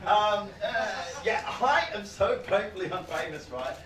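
Male stand-up comic, high voice, shouty mocking rants, roomy live recording from a distance. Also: animated, unhurried, noisy background. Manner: loud, sweary, mocking rants. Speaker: stand-up comedian. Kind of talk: stand-up comedy set. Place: comedy club stage with live audience. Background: audience laughter.

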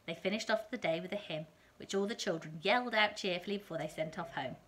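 A woman reading a children's novel aloud in a calm, steady storytelling manner. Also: lowish voice, quick pace.

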